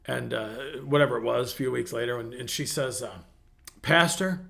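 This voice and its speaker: A man's voice: mid-range voice, level tone, fast, gravelly. A middle-aged male pastor preaching a conversational sermon, telling personal stories in a folksy way with frequent restarts.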